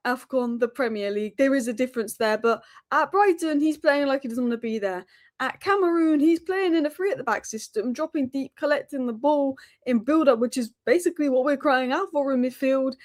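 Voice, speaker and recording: A woman hosting a daily football news roundup, talking rapid-fire and opinionated. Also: high-pitched. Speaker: football channel host.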